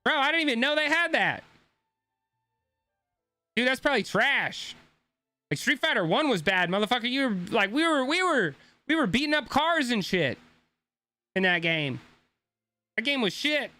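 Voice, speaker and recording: A man's voice: extremely high pitch, big pitch swings, normal speed, pauses often, sharp tone, dry recording, soft background music. A young man streaming a game, ranting casually and swearing a lot as he talks to his chat. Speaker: gaming streamer.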